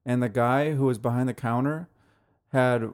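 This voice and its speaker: A man's voice: medium pitch, steady tone, moderate pace, clear, resonant tone. A man co-hosting a casual podcast, describing beers and albums in an easygoing way, full of "like" fillers. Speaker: podcast co-host. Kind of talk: casual chat reviewing beer and music.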